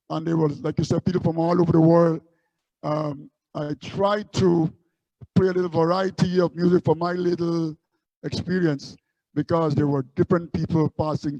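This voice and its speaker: A man's voice: a little high, fairly even intonation, normal speed, dark tone, no echo, lo-fi sound. A man from Guyana, a musician guest telling stories in an interview with many fillers and repeats. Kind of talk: interview storytelling.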